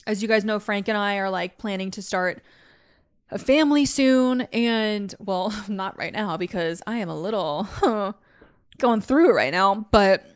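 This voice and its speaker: A woman's voice: medium pitch, animated, unhurried, smooth. A young adult woman hosting a podcast, talking candidly in a casual monologue, with lots of "like" fillers. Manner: candid and chatty, heavy use of "like". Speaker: podcast host.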